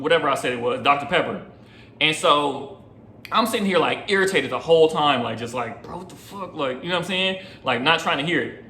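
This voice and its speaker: A man's voice: a little high, sharp tone, reverberant. A young man, a rideshare driver, telling a rambling, slangy story in casual chat, often asking "you know what I'm saying".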